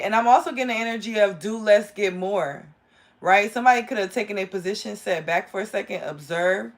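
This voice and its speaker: A woman's voice: mid-range voice, brisk. Woman tarot reader, live reading, chatty and rambling, talks to viewers.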